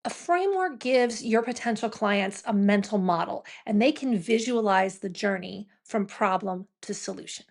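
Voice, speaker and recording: A middle-aged woman hosting a business podcast, talking to listeners in a brisk, conversational coaching tone full of "right?" asides. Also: mid-range voice, animated, vocal fry. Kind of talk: solo talk to listeners.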